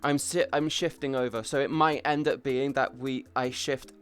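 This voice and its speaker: A man's voice: medium pitch, steady tone, normal speed, fairly bright tone, clean tone, faint music behind. A young man from near Bristol, chatting casually on a livestream and often breaking off mid-sentence to restart. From England, near Bristol. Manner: rambling, self-interrupting, chatty. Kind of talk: casual stream chat.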